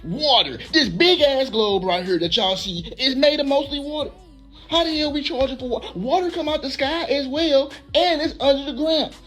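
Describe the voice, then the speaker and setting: A man in an incredulous, animated comedic rant, voice swinging up and down. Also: very high-pitched, normal speed, soft background music. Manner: animated, incredulous, laughing ranting.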